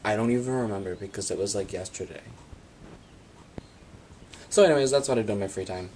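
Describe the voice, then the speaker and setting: A man telling absurd comic stories about his free time in a deadpan monologue. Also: on the low side, a little fast, slight background noise. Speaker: vlogger.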